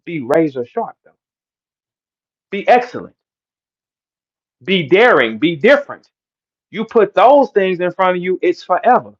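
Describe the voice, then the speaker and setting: A middle-aged man with a St. rants and lectures, his voice pitched high and his manner preachy and profane. He speaks in a fiery sermon-like flow aimed at his listeners. The sound is dull and lo-fi, like a muffled stream. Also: sing-song, unhurried, long pauses. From St. Louis, Midwest US. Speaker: battle rapper ranting to listeners. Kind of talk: heated livestream rant.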